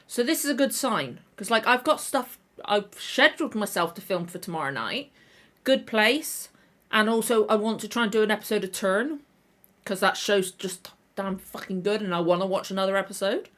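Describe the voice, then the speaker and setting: A woman's voice: mid-range voice, lively intonation, moderate pace, fairly bright tone. Tired woman rambling on a livestream. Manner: rambling, self-correcting. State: tired, throat a little tender. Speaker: reaction channel host. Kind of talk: casual livestream chat.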